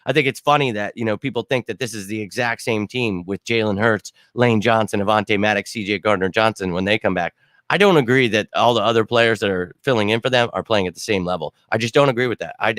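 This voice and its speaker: A man hosting a sports fan show, ranting bluntly and swearing after a loss, his throat hoarse from screaming. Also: mid-range voice, a bit bright, dry recording, clean studio sound. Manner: fired-up, blunt, swears, repeats himself. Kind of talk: casual postgame fan rant.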